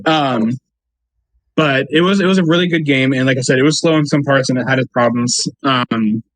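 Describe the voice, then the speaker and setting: Young male co-host, casual, rambling, lots of "um"s, breaks into laughs; mid pitch, dry close sound. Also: brisk, dry recording, poor audio. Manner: rambling, filler-heavy, laughs mid-sentence. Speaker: podcast co-host. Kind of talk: casual chat. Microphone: remote call with an earpiece.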